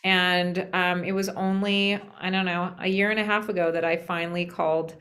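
A woman's voice: fairly low pitch, level tone, normal speed, a bit bright. Affirming woman interviewer. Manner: engaged, affirming, frequent mm-hmms. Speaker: interviewer, podcast host. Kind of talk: conversational interview.

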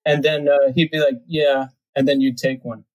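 A man's voice: medium pitch, little pitch movement, moderate pace, dull audio. A man co-hosting a podcast, mostly reacting and briefly telling a joke. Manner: brief reactions, laughing listener. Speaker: podcast co-host. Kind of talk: casual chat.

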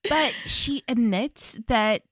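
A woman co-hosting a podcast, chatting casually and tossing in quick quips. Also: fairly high pitch, fairly bright tone, dry recording, clean studio sound. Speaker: podcast co-host. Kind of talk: casual chat.

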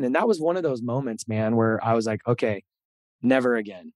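A middle-aged man recounting his own story on a podcast, earnest and animated, doubling back on words as he talks. His voice sits at an ordinary pitch for a man. He is recorded on a close, dry mic with no room sound. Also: moderate pace, no room sound. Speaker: podcast host being interviewed. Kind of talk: candid storytelling interview.

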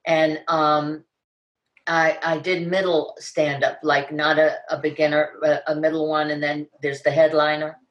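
An older actress tells stories in a casual interview, bursting into acted-out quotes along the way. Her voice sits a little low. The room is noticeably echoey around her. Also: measured pace, highs cut off. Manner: animated storyteller, acts out quotes with big pitch jumps.

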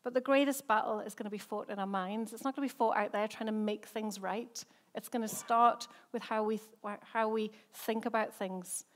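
A middle-aged English woman, a senior pastor, preaching in a chatty, conversational way with rhetorical questions and quick restarts. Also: mid-range voice, fairly even intonation. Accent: English, softened by time living in Northern Ireland. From England. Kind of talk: sermon.

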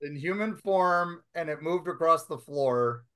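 A man's voice: on the high side, measured pace, a bit bright, clear, resonant tone. A man co-hosting a paranormal podcast, joking and laughing in casual group chat. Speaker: podcast host.

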